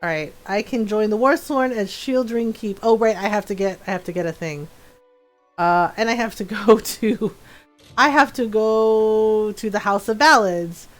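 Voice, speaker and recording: A woman's voice: mid-range voice, moderate pace, soft background music, poor audio. A woman streaming a game, chatting casually, laughing often and acting out quotes from people she talks about. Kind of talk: casual gameplay chat.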